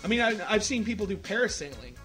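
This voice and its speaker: A man's voice: high voice, big pitch swings, fast, over music. A married man co-hosting a podcast, chatting loosely and cursing freely between laughs. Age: adult, married. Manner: profane, laughing, loose banter. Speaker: podcast co-host. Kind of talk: casual podcast chat.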